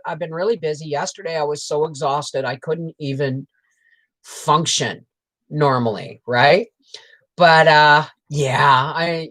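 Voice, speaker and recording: Woman host, deep low voice, rambling, frank and salty, chatting with live viewers. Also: a bit bright. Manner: rambling and frank, peppered with swears and laughter; greets viewers and reads out chat comments between stories. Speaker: homestead channel host on a livestream. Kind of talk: casual livestream storytelling.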